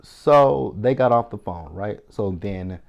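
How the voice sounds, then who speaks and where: A man in his thirties with a deep, low-set voice runs through a TV episode recap. He tells it casually and with energy, dropping in slangy comments and acting out what the characters said. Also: takes it slowly, gravelly, dull audio. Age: 30s. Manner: animated retelling with slangy asides, quoting characters. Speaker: TV recap host.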